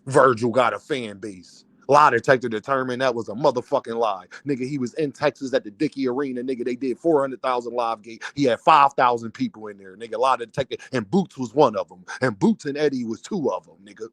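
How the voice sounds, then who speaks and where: A man's voice: medium pitch, fairly quick, few pauses, a bit bright, no room sound. A man, a boxing content creator, ranting on a livestream, angry, profane and heated. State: worked up and fuming. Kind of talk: livestream rant.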